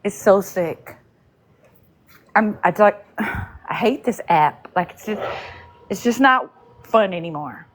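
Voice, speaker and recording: A woman's voice: mid-range voice, animated, slow pace, long pauses. A woman venting on a casual livestream, frustrated and rambling with lots of fillers and restarts. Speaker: livestream host.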